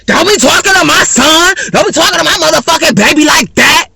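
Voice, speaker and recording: A woman voicing a loud, defensive mother who curses and snaps at anyone correcting her child. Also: fairly even intonation, a little fast. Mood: outraged. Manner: shrill, cursing, indignant.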